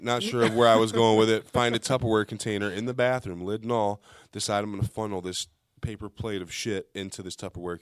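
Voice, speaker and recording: A young man casually telling a childhood story to friends on a podcast, animated and laughing through the punchlines. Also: fairly low pitch, no echo, studio quality.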